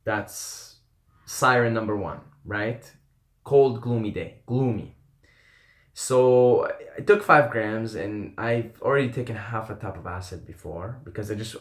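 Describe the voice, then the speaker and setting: A man's voice: fairly low pitch, echoey room. A man casually telling a long personal story in a rambling, candid way, swearing now and then and often asking "right?". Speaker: vlogger telling a trip story. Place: in Canada.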